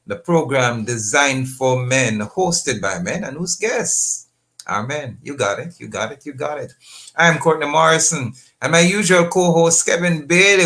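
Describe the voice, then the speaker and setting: A man with a Jamaican accent hosting a radio talk show, upbeat and lively, dropping in patois phrases. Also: a little high. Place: radio studio.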